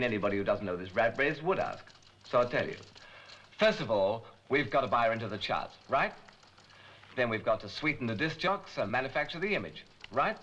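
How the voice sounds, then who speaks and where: Slick hustling pop manager, lots of swingin slang, bouncy voice, muffled old movie sound. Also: male voice, medium pitch, a bit bright, slight background noise. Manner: glib, hustling, full of trendy slang. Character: slick fast-talking male pop music manager.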